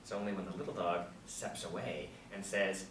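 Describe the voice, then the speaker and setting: A cocky, folksy drifter full of tall talk, read by a man at a table read, in a lowish voice that breaks into loud bursts. He sounds distant in a roomy space, with a faint hum behind. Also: flat delivery, moderate pace. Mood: folksy boasting. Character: boastful, folksy male drifter, self-styled soldier of fortune.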